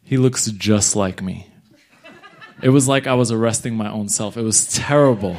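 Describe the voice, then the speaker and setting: A young man from New York City telling a comic story live, animated and jumping into voices of the people in it. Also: lowish voice, normal speed. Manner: animated, acts out other people's lines.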